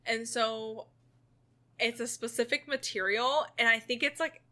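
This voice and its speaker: A woman's voice: a little high, steady tone, unhurried, bright, forceful tone. A woman co-hosting a podcast, chatting casually and musing over personal habits. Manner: musing and confessional. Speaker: podcast co-host. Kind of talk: casual chat.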